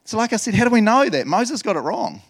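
A man preaching a sermon in an animated, laughing way, acting out voices from the Bible. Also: sits high, quick pace. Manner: animated, laughs often, acts out voices of biblical figures. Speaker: pastor.

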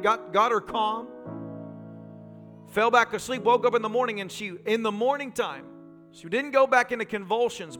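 A male pastor preaching a sermon, telling vivid personal stories in quick, emphatic phrases. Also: high voice, sharp tone. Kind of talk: sermon storytelling.

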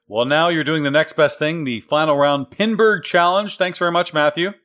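A man's voice: a little high, normal speed, fairly bright tone. A man hosting a pinball trivia podcast, introducing contestants in an upbeat announcer manner. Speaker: podcast host. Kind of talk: game-show style hosting.

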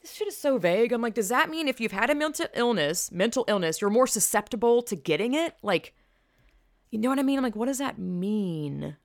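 Her voice is a little high, animated and fairly quick: a young woman hosting a podcast on a headset mic. She chats casually, candid and foul-mouthed, sliding between tangents. The sound is studio quality and echo-free.

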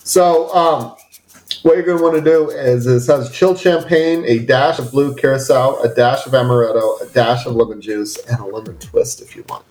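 A man's voice: medium pitch, normal speed, darkish tone. A man co-hosting a casual book club podcast, telling stories with animation and laughing easily. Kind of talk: casual chat. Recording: roomy echo.

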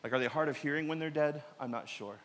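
A male pastor preaching a sermon, swinging between loud emphatic peaks and quiet, low asides. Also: fast.

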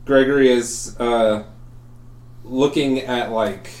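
Halting young man running a tabletop game. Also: medium pitch, fairly even intonation, darkish tone, roomy sound. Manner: halting, full of ums and likes. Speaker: game master.

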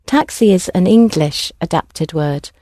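A woman language teacher who talks her class through each sentence with clear, patient prompts. Her voice sits slightly low and sounds mellow, and the recording is dry and close. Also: animated, measured pace, no echo. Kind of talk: classroom instruction.

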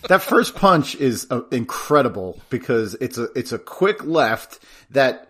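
A man's voice: medium pitch, big pitch swings, unhurried, a bit bright, husky. A man co-hosting a podcast in a casual movie-recap chat, chiming in with enthusiastic quips. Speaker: podcast co-host.

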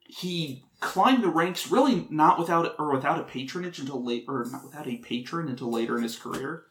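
A man's voice: on the high side, expressive, fairly quick, fairly bright tone. A man hosting a casual podcast, telling a history story in a rambling, joking way and often correcting himself.

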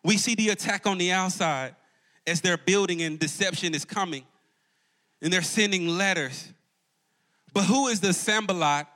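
A man's voice: high voice, moderate pace, pauses often, bright, forceful tone. A man preaching a live sermon to a congregation in a church as campus pastor, calling out to the crowd and swinging his voice up and down for emphasis. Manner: call-and-response preaching, rising and dropping for emphasis. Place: church auditorium before a congregation.

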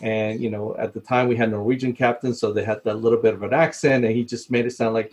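A man's voice: medium pitch, steady tone, fast, hardly any pauses, darkish tone. A man telling a story in casual talk, laughing often and acting out the people he quotes. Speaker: podcast guest, former cruise ship purser.

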